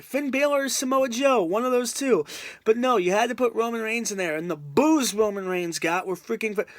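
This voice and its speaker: Fed-up online reviewer ranting on camera, emphatic and repetitive, mid pitch, dry sound. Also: no echo. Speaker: wrestling reviewer on a video channel.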